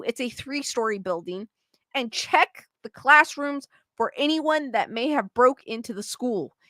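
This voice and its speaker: A woman's voice: high voice, sharp tone, no room sound. A woman hosting a casual chat show, reading out stories and viewer comments with lots of reactions and laughter. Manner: chatty, laughs often, restarts and reacts to comments.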